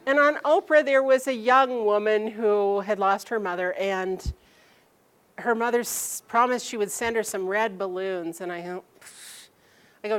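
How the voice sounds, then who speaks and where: Brief: middle-aged woman storyteller, lively and laughing, voicing family members' lines. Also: mid-range voice, unhurried. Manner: animated, laughing, quoting her mother in lively bursts. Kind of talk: personal storytelling to an audience.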